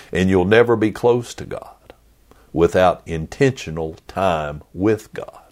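A man preaching a sermon as a pastor, earnest and deliberate, repeating his phrases. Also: fairly low pitch, darkish tone. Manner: earnest, repetitive, deliberate pauses.

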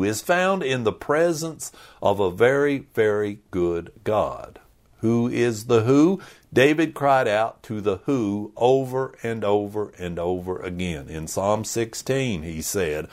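Slow, low-voiced male preacher. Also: lively intonation. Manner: slow, emphatic preaching with dramatic drops to a hush. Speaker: pastor. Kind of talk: sermon.

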